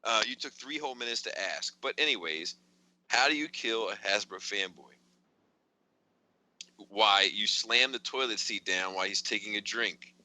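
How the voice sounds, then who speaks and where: A man hosting a podcast in casual chat, recounting a string of text messages in an animated way. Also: lowish voice, normal speed, rough recording. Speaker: podcast host.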